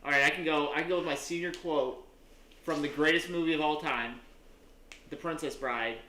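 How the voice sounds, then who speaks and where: A man's voice: a little high, moderate pace, bright, forceful tone. A young man co-hosting a podcast, asking the group questions and laughing easily. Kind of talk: casual chat. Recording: echoey room, faint background noise.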